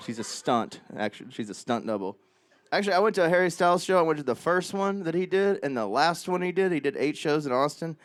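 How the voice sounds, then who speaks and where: A man's voice: fairly high pitch, animated, fast talker, no room sound. A man, a singer-songwriter, chatting between songs at a small live club, telling rambling, joking anecdotes into a stage mic. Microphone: stage vocal mic.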